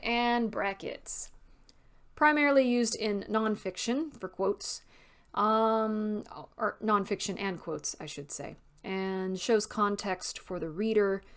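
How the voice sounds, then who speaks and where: A woman author giving a casual writing tutorial, explaining step by step and reading example sentences aloud. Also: medium pitch.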